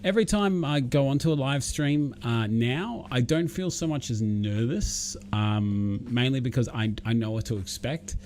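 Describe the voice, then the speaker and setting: A man's voice: mid-range voice, animated, normal speed, hardly any pauses, darkish tone, a little hiss or hum. A man with an Australian accent, chatting casually and rambling as he hosts a live stream and greets viewers by name.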